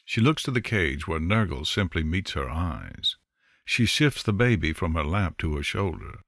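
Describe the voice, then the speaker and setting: An audiobook narrator, a man with a low-sitting voice, reads a fantasy novel in unhurried, expressive storytelling style. It is scripted narration with clean studio sound and no room sound.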